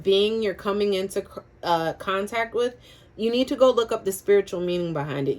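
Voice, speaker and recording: Woman tarot reader, casual and chatty, spiritual, quick to laugh, loose language. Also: medium pitch, a little mellow. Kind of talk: casual tarot reading to camera.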